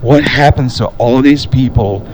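Slow, rambling profane male podcaster. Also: medium pitch, darkish tone, a little hiss or hum. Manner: ranting, profane, rambling with many fillers. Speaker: podcast host. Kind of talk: solo podcast monologue.

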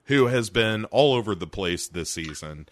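A man's voice: lowish voice, moderate pace. A man co-hosting a casual podcast chat, recapping an episode and acting out scenes in little voices. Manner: animated, acts out scenes in voices. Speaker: podcast co-host.

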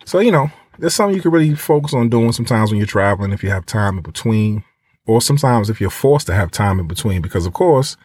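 A talkative man offers travel tips in a loose, rambling way, slipping in fillers and acting out what he would say. His voice sits a bit low, and the sound is dry and close. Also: lively intonation, fast talker, darkish tone, slightly rough, no room sound. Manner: chatty, rambling, many fillers and acted-out quotes. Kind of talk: casual monologue giving advice.

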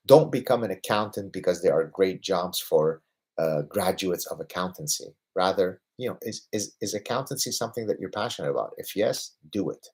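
Low husky-voiced man in his fifties. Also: normal speed. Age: 50s. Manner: emphatic, with rhetorical "right?" tags; lively, getting excited about his passions. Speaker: host answering viewer questions. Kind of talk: livestream Q&A.

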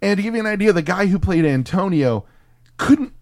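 A man's voice: high-pitched, a little fast. A man co-hosting a casual film chat podcast, telling stories with lots of swearing and restarts. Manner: profane, animated storyteller with restarts. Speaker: podcast co-host.

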